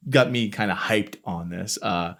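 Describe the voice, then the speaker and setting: Guy from florida in his 30s, slightly low voice, rambly and jokey about himself, casual interview chat. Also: unhurried, creaky, a bit bright. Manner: rambling, self-mocking, acts out his own past thoughts. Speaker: podcast host, company marketing lead.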